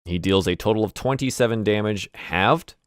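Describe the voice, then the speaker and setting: A man runs a tabletop game over a call, narrating turns in a relaxed, casual way and swearing now and then. His voice sits a little low. The sound is close and dry. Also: normal speed, no echo. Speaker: game master.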